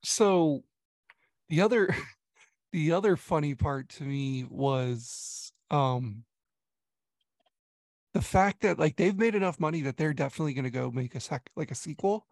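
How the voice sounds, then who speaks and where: A man in casual podcast chat, telling a story in an animated, rambling way. His voice sits a little high and has a gravelly fry to it. The sound is dry and close, with no room around it. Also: a little slow, long pauses, dry recording. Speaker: podcast co-host reviewing a movie.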